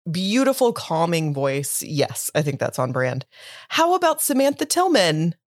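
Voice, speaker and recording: Brief: woman podcast co-host, very animated pitch, eager reactions, dry close-mic sound. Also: dry recording. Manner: enthusiastic, quick reactions. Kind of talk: casual chat.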